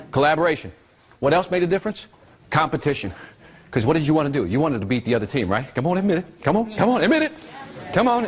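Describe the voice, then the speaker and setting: An energetic workshop presenter runs a live seminar, his voice, a little high for a man and slightly rough, swinging widely as he fires questions at the room. He keeps quizzing the audience, rarely letting a point pass without checking they're with him.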